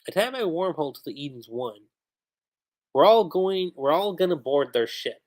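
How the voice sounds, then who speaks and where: A livestream reviewer reading out a young male hero's lines quickly while recapping a manga chapter. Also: medium pitch, expressive, close to an everyday voice. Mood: determined. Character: young hero, energetic and determined.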